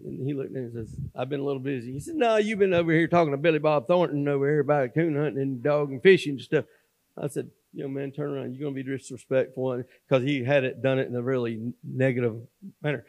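Folksy man preaching a testimony. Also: mid-range voice. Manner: folksy storytelling, swings from loud preaching to quiet confiding. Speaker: guest speaker at a church. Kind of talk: sermon testimony. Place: church sanctuary.

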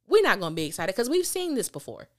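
A woman hosts a podcast, walking listeners through an episode in a loose, chatty recap. She tells it with lively emphasis and blunt slang, her voice sitting at an ordinary middle pitch. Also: fast talker. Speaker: podcast host.

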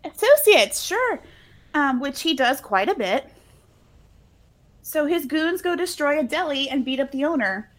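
A woman with a slightly high voice chats through a movie plot in a casual podcast. She tells it scene by scene with easy laughs and brief mock voices for the characters' lines. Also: animated, moderate pace, long pauses. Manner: chatty storyteller, laughs often, quotes scenes with mock voices. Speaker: podcast co-host recapping a movie. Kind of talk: casual chat.

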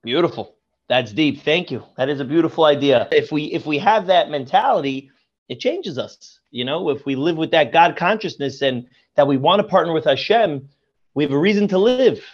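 Man, rabbi guest, high-pitched voice, effusive storyteller, dull lo-fi sound. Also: expressive, moderate pace. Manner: effusive, repeats praise often. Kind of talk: Torah teaching and storytelling.

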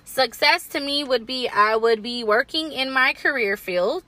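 A woman's voice: high voice, measured pace, sharp tone, dry recording. A woman, speaking candidly and reflectively as a podcast co-host in casual chat.

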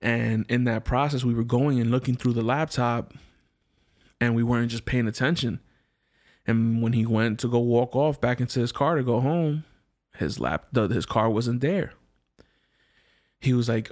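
A man's voice: mid-range voice, moderate pace, long pauses. A man telling a personal story in a casual, slangy way, acting out the other people's lines and often restarting his sentences. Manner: slangy, animated, acts out quoted voices; frequent restarts and repeated words.

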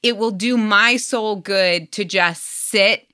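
A woman in her thirties hosting a podcast, chatting casually and telling animated stories. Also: mid-range voice, slow, no room sound, clean studio sound. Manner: expressive storyteller, acts out voices. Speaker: podcast host. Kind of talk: casual conversation.

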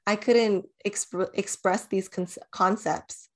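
A woman's voice: mid-range voice, steady tone, slow. Young woman, podcast co-host, casual chat, swears, acts out quotes.

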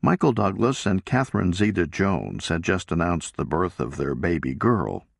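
A man reading a novel aloud as an audiobook narrator, in a measured, deliberate way. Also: low voice, lively intonation, creaky, dry recording, studio quality. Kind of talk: scripted narration.

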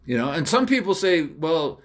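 A man hosting a podcast, ranting alone in a loud, blunt way, swearing constantly and acting out both sides of past conversations. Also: mid-range voice, very animated, moderate pace. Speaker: podcast host. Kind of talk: profane solo rant.

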